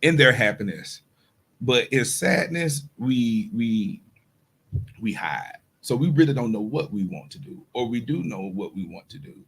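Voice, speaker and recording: Gravelly man in earnest podcast chat. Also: mid-range voice, sing-song, a little slow. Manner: earnest, repeats phrases while searching for words. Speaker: podcast host. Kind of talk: reflective casual conversation.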